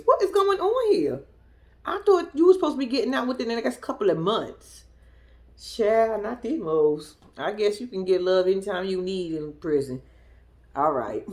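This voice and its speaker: A woman recapping a reality show in casual reaction commentary, sassy and profane, talking straight to her viewers and swinging between loud outbursts and low muttered asides. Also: lively intonation, normal speed.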